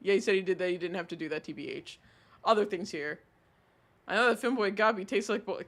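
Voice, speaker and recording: A high-voiced man on a live stream reads chat messages aloud and reacts with animated exasperation, swearing freely. He talks fast, and his voice has a bright, forward edge.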